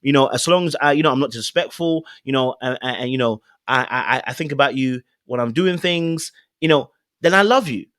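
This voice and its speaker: A man's voice: medium pitch, a little fast, hardly any pauses, fairly bright tone, no room sound, clean studio sound. A man hosting a relationship commentary, speaking earnestly and directly to his viewers. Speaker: host. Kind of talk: relationship commentary on a video clip.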